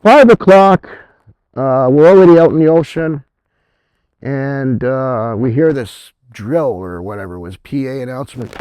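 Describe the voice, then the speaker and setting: At a convention, a middle-aged author from Canada shares a relaxed story, sprinkling in "right?" and laughing along at himself. He has a mid-range, slightly mellow voice, speaks expressively at a moderate pace, and there's no room sound.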